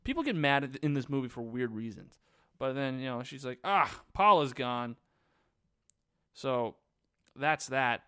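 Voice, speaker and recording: A man's voice: mid-range voice, lively intonation, normal speed, fairly bright tone, clean tone, no room sound, studio quality. A man casually recapping a movie on his own, rambling and sarcastic. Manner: rambling, sarcastic, lots of fillers. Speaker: movie reviewer.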